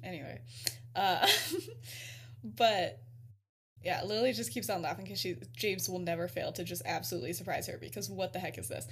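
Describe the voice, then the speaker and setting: A young woman co-hosting a podcast, casually retelling a story with frequent giggles, lots of "like", and quick acted-out quotes. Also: fairly low pitch, breathy edge. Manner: giggly, peppered with "like", acts out quotes. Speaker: podcast co-host.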